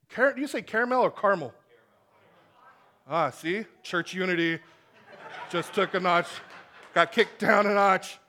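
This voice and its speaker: A man preaching a sermon to a congregation, animated and acting out the voices in his stories. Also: high-pitched, moderate pace. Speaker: pastor. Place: church hall with congregation.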